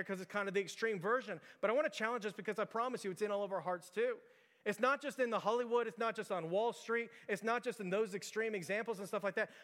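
High-voiced pastor in echoing church. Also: male voice, fairly bright tone. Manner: informal, filler-heavy storytelling with direct challenges. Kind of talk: conversational sermon. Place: church sanctuary. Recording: reverberant church hall.

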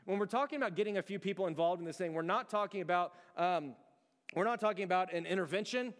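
Delivering a sermon at a fast clip, this pastor has a fairly high voice that is smooth and resonant. He sounds earnest and conversational, telling stories emphatically, and the audio rings with the long reverb of what seems a big church hall.

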